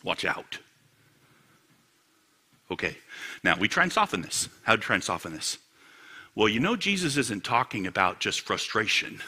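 A man preaching with a lively, far-ranging delivery and a brilliantly bright tone. His voice has a husky edge, and he pushes from booming emphasis down to near-whispered asides, peppering the sermon with rhetorical questions. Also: moderate pace, pauses often. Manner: animated, rhetorical questions, swings from loud to hushed. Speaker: pastor.

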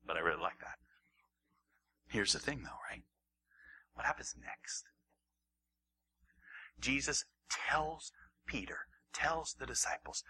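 A man preaching a sermon, acting out the story and swinging from raised, animated lines to hushed near-whispers. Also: on the high side, moderate pace, husky, rough recording. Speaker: pastor.

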